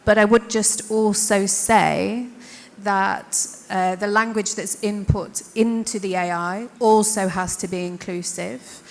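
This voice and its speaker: A woman's voice: mid-range voice, steady tone, takes it slowly, vocal fry. Northern English woman in echoing hall. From north of England. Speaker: panelist. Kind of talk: panel discussion. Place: conference hall. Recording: reverberant hall, faint hiss.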